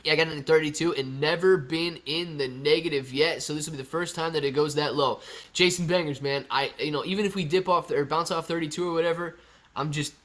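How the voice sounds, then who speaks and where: On a casual live stream, a young host with a fairly bright voice on the high side reads viewer comments aloud. He answers them in a chatty, laid-back manner.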